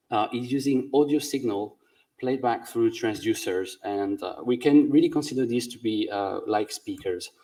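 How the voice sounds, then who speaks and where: A man's voice: fairly low pitch, darkish tone, far from the mic, rough recording. A man giving a technical conference talk, explaining step by step with frequent hesitations. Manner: methodical, explaining step by step with many "uh"s. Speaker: conference speaker, sound designer.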